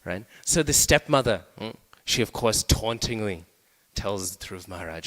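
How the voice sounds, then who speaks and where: A man's voice: fairly low pitch, expressive, unhurried, hardly any pauses, a bit bright. A man giving a scripture class in a conversational way, often checking in with the listeners. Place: temple hall. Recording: long reverb of a temple hall.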